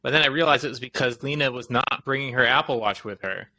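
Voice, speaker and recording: A man co-hosting a casual tech podcast. His voice has a bright, pushing edge. He rambles through explanations and corrects himself mid-sentence. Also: mid-range voice, fast talker. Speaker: podcast co-host.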